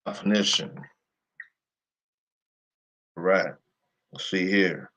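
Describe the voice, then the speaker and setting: A man hosting an online video, slowly reading long word lists off his screen and breaking in with blunt, indignant remarks. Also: deep voice, pushed and bright. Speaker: video host. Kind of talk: screen-share commentary reading from a list.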